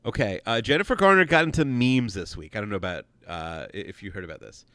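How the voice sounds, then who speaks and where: A man co-hosting a casual podcast, talking in a rambling, halting way with many fillers. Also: fairly low pitch, expressive, bright, forceful tone, no echo. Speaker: podcast co-host.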